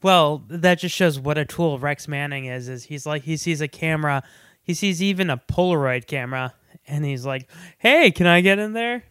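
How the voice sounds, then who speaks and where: Guy on a podcast roasting a movie, smooth clear voice, dry close mic. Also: a little high, normal speed, fairly bright tone, no echo. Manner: jokey, acts out characters' lines in silly voices. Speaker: podcast co-host. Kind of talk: casual movie-review chat.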